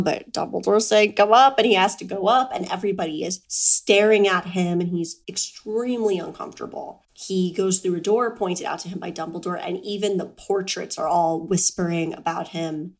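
A woman co-hosting a casual book discussion podcast, playful and chatty, laughing often as she talks. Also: medium pitch. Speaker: podcast co-host.

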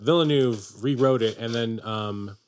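A man's voice: mid-range voice, measured pace. A man co-hosting a casual podcast, chatting about films in a wry way and swearing casually. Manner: wry, swears casually, acts out movie quotes. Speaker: podcast co-host. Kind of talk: casual movie chat.

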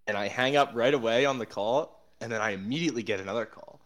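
A man's voice: mid-range voice, fast. A young man co-hosting a podcast, telling stories in an easygoing, casual way. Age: young adult. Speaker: podcast co-host. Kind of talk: casual chat.

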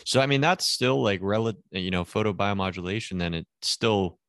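Male interviewer, very low voice, casual hedging questions. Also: moderate pace, a bit bright, no room sound, clean studio sound. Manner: loose, hedging with fillers.

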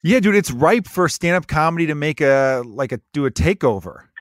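A man's voice: a little high, animated, moderate pace, slight background noise. A man in a casual podcast chat, blunt and swearing as he gives advice.

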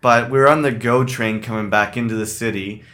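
A male podcast co-host from Canada chatting casually with his partner. He tells stories with animated delivery and slips into quick impressions of strangers. His pitch sits in the middle range. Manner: animated storyteller, mimics people he overheard. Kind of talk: casual chat.

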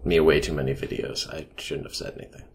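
A man's voice: very deep voice, level tone, fast, a little hiss or hum. A man co-hosting a casual podcast chat, wry and joking. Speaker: podcast co-host.

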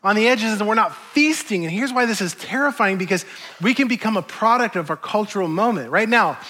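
A middle-aged male pastor preaching a sermon in a conversational, animated way, acting out quotes. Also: high-pitched, brisk.

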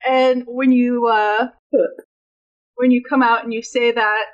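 A woman player in a tabletop game, describing her character's actions in a rambling way. Her voice is high and slow, and the audio sounds dull. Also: flat delivery.

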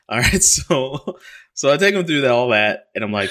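Lively storytelling podcast host, a man. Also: medium pitch, moderate pace. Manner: animated storyteller, laughs often. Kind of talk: casual chat.

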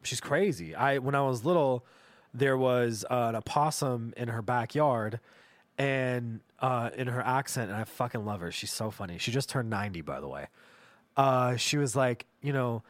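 This podcast host, a man with a mid-range voice speaking at normal speed, delivers a comedic storytelling monologue. He's profane, rambling and jokey, and the recording has no room sound.

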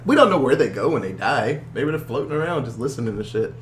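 A woman's voice: extremely low pitch, animated, fast. A woman recapping a movie plot in casual chat, laughing often and adding profane asides. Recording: echoey room with faint hum.

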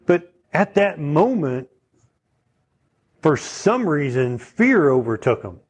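A man's voice: fairly high pitch, big pitch swings, takes it slowly, husky. A man preaching a sermon in a conversational teaching manner, often checking in with his listeners. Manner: conversational teaching, asks the audience questions.

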